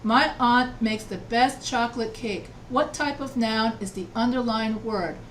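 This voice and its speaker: A woman's voice: on the high side, a little slow, recorded from a distance. Woman, writing instructor, online class, patient, repeats answers, set back from the mic, faint background hum. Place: video call from home.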